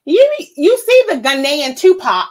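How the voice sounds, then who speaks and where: Brash high-voiced woman storyteller. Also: unhurried, poor audio. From United States. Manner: brash, animated, roasting and laughing. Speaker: livestream host. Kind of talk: casual storytelling chat.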